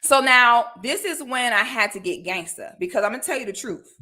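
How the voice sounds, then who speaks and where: A woman telling a personal story on a livestream in a casual, animated, slangy way. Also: on the high side, brisk.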